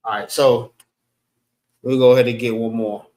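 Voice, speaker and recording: A man teaching a class, slowly repeating words and breaking them into syllables. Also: medium pitch, level tone, a little mellow. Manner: slow, repetitive, spells out syllables. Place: classroom in a library. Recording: echoey room.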